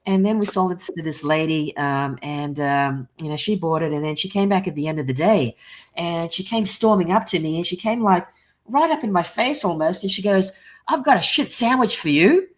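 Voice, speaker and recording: An Australian woman, a comic creator being interviewed, telling fan stories in an animated way and laughing often. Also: on the low side, moderate pace. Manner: animated storyteller who acts out quoted people and laughs often. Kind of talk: lively anecdote telling.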